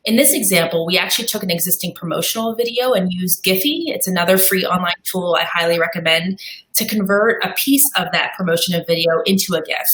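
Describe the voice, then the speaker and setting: A woman's voice: lowish voice, fairly quick, a bit bright. Upbeat woman presenting in an echoey room. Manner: upbeat, walks through slide examples with fillers. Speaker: marketing webinar panelist. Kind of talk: presenting tips on a live webinar.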